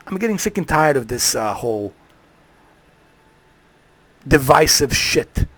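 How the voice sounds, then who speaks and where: A man ranting into a desk mic on his live stream, loud and profane, hardly pausing. His voice sits at an ordinary pitch. The room sound is dry and close. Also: big pitch swings, no room sound.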